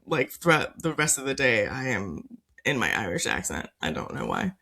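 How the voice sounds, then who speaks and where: A woman's voice: very deep voice, very animated, moderate pace, a bit bright. A woman co-hosting a casual podcast chat, laughing often and talking with plenty of fillers. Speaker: podcast co-host.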